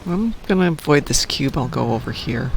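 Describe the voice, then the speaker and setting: A man's voice: medium pitch, lively intonation, normal speed, creaky, a little hiss or hum. A man giving casual, joking commentary while playing a video game, poking fun at himself and his team. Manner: joking, self-mocking, makes pew-pew sounds. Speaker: gameplay commentator.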